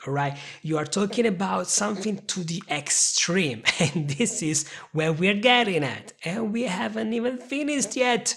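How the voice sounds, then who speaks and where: A man's voice: high-pitched, a bit bright. A young man teaching English in a video lesson, playful and emphatic, leaning hard on key words and laughing often.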